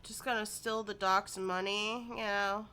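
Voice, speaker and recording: A woman's voice: mid-range voice, steady tone, a little slow, pushed and bright, clean tone. A young woman streamer giving playful, chatty commentary as she plays, often talking to the game itself. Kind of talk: casual gameplay commentary.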